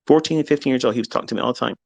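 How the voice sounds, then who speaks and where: A man's voice: mid-range voice, rapid-fire, creaky, dry recording, low-quality recording. Blunt, swearing man telling a story. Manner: blunt and profane, animated retelling. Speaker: trading educator. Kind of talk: candid personal storytelling.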